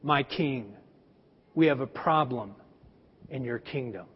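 A man preaching, voicing a solemn older prophet in a low, hushed, measured voice. Long hall reverb, dull lo-fi sound. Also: breathy edge.

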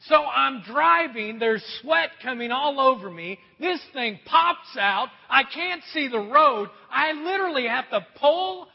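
A middle-aged man preaching a sermon as a pastor, telling a self-deprecating story in an animated way. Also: extremely high pitch, unhurried, creaky, few pauses, slightly rough. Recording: dull sound with long hall reverb.

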